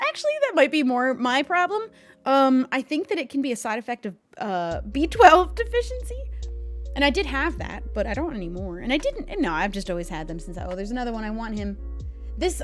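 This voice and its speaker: A young woman hosting a gaming stream, rambling on in an animated, chatty way. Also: fairly high pitch. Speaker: streamer host. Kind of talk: casual chat.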